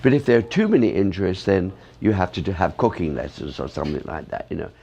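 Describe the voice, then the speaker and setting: A man's voice: low voice, animated, fast, creaky, warm tone, lo-fi sound, slight background noise. A man who teaches ballet, rambling through interview answers with many "you know" fillers.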